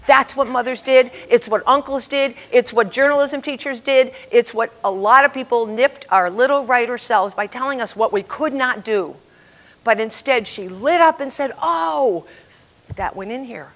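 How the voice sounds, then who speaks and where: Older lady in her 70s telling stories on stage, bright voice, lively, laughs at her own jokes. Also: on the high side, moderate pace. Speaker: writing teacher giving a talk. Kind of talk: storytelling talk to an audience.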